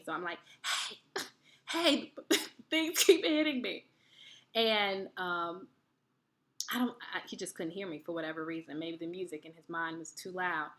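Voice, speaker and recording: A woman hosting a wellness video, giving advice through chatty, animated personal stories. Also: lowish voice. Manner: chatty and animated, laughs while telling stories. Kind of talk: storytelling advice talk.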